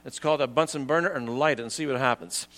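A man preaching a sermon while he has a cold, chatting to the congregation and slowing down to read scripture. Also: mid-range voice, a bit bright, big-room sound. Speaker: pastor.

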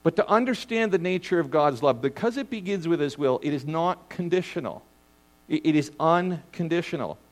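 A middle-aged man preaching a sermon as a pastor, earnest, often repeating words as he starts a phrase and slowing down to stress key points. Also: a little high, lively intonation.

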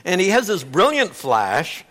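Man, middle-aged, pastor, sermon, higher-pitched voice, very lively pitch, storytelling delivery. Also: unhurried. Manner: animated storytelling, acting out quotes with big swings in volume.

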